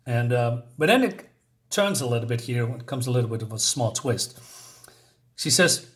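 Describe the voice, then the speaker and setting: A man's voice: medium pitch, animated, normal speed. A man casually retelling and reviewing a comic book, rambling along with fillers and small chuckles.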